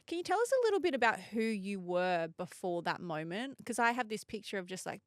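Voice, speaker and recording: A woman's voice: medium pitch, dry recording, clean studio sound. A woman hosting a podcast interview, asking questions in a sympathetic, chatty way. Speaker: podcast host. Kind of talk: casual interview.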